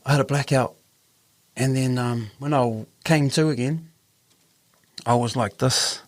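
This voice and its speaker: A podcast host with a New Zealand accent and a mid-range voice tells a personal story unhurriedly during a casual chat. He is earnest and acts out the voices of the people involved.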